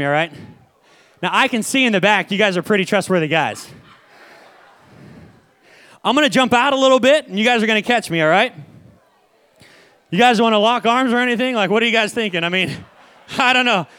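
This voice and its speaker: A young man preaching a lively, conversational sermon to a church, often repeating his phrases. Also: sits high, fast, smooth.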